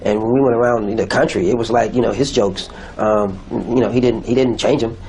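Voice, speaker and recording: A veteran male comedian in a documentary interview, speaking haltingly with many fillers. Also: mid-range voice, steady tone, darkish tone.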